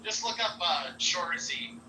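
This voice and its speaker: A man in casual podcast chat, teasing and easygoing, telling stories at an even pitch. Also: moderate pace. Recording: echoey room, distant mic, clear background noise.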